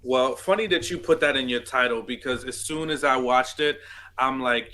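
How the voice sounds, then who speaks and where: A man co-hosting a podcast, giving animated, opinionated takes and mimicking people as he talks. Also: mid-range voice, moderate pace, a little hiss or hum. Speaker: podcast co-host. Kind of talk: casual chat.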